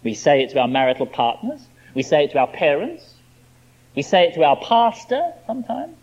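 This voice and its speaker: Lively male preacher on a dull recording. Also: fairly high pitch, a little fast. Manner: lively, emphatic expository preaching. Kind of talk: sermon.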